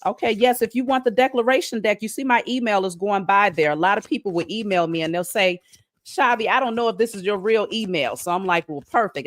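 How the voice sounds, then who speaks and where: A woman's voice: medium pitch, no room sound. Chatty woman doing a live card reading. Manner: chatty, addresses viewers as y'all, slow emphatic reading of declarations. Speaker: spiritual card reader.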